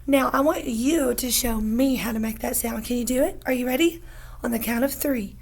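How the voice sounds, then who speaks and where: A woman teaching a phonics lesson to young learners, patient and encouraging, stretching out each sound slowly. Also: on the high side, creaky, darkish tone.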